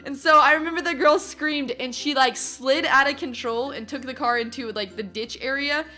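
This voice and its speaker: A young adult woman telling a story from her teens in a casual vlog, animated and acting out what other people said. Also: high voice, normal speed. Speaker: vlogger.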